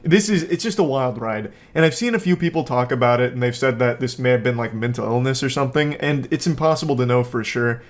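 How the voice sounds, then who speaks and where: A man hosting a comedic commentary on a viral video, talking in a sarcastic, deadpan way. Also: mid-range voice, fast talker, few pauses.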